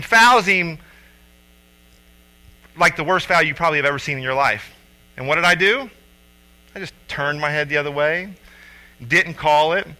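A man in his thirties, a father and youth coach, telling a personal story with lively acted-out quotes. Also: on the high side, poor audio. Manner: animated storyteller acting out quotes loudly.

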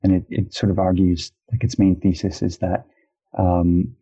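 A man's voice: deep voice, steady tone, normal speed, mellow, breathy edge, highs cut off. A man in casual chat, talking thoughtfully and hedging with fillers as he explains ideas. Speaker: conversation partner.

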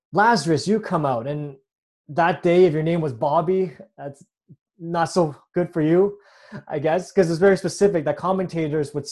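A man's voice: on the high side, mellow. A man preaching a sermon in an earnest way, often restarting with repeated words. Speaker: pastor.

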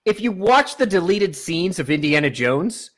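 A man with a high voice co-hosts a podcast. He tells absurd jokes with a deadpan delivery and swears in passing. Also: moderate pace. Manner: deadpan absurd joking, profane. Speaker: podcast co-host. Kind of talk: casual comedic chat.

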